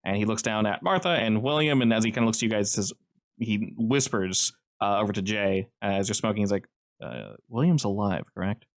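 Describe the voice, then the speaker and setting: A man's voice: lowish voice, brisk. A man narrating as game master, casual and loose, with lots of fillers.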